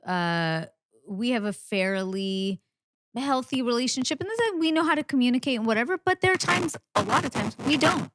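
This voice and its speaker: A woman hosting a podcast, chatting casually in a lively, frank way, with fillers and casual swearing. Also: on the high side, moderate pace, no echo, clean studio sound. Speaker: podcast host.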